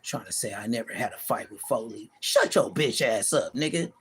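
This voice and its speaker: A middle-aged man delivering a profane, taunting callout rant to the camera, animated and mocking. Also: moderate pace, husky. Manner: animated, profane, taunting, pitch leaping high in mocking bursts. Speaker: street vlogger.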